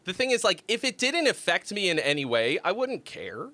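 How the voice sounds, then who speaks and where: A man's voice: sits high, sing-song, normal speed, sharp tone, no room sound. A man hosting a casual music critique livestream, rambling and laughing as he thinks aloud. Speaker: host.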